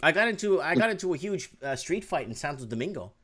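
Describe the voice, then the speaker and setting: A man's voice: on the high side, big pitch swings, fast, a bit bright. A man hosting a casual talk show, telling long rambling anecdotes full of fillers and restarts. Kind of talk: casual chat.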